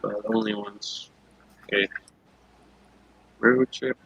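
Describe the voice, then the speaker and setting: A man's voice: on the low side, steady tone, slow, vocal fry, a bit bright, slightly rough, no echo, muffled recording. A man on a casual livestream panel, making blunt remarks and asking teasing questions. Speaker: panel guest.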